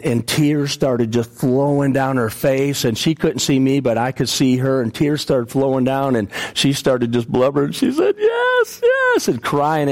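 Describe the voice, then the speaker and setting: A man's voice: mid-range voice, darkish tone. A man preaching a sermon, telling personal stories earnestly and often repeating and restarting his words.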